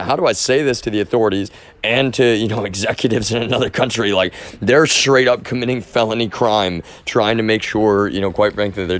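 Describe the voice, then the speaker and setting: A man with a very low voice talks straight to his stream, unscripted and loose. He circles back and restarts his sentences often, pressing the same point over and over. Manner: rambling, with many restarts and repeated phrases; insistent, keeps stressing his point. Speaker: livestreamer. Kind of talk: casual unscripted monologue.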